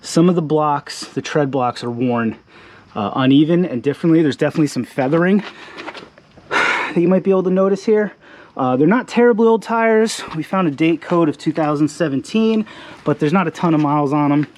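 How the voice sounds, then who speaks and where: A man hosting a garage video, explaining a repair in a relaxed, chatty way with joking asides. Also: a little high, a little fast, a little hiss or hum. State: slightly out of breath. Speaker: garage channel host. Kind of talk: casual how-to explainer. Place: home garage.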